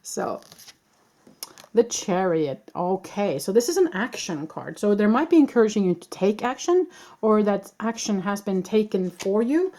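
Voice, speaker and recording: A woman reads tarot cards for her viewers in a soft, mellow voice at a middle pitch. She speaks in a reassuring, meandering way and often stops to gather her thoughts. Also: big pitch swings. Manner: reassuring, meandering, with many pauses. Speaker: tarot reader.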